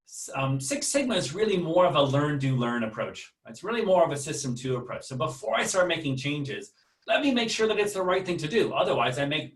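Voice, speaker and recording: A man's voice: on the high side, a bit bright, distant mic. A man with an American accent giving an online lecture in a casual way, with many fillers and restarts, and putting questions to his audience. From United States. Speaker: webinar lecturer. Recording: roomy sound, voice a bit off-mic.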